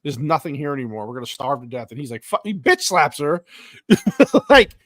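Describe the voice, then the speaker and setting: A man co-hosting a casual movie reaction chat, animated, swearing often and acting out characters' lines. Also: on the high side, normal speed, no room sound, clean studio sound. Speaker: podcast co-host.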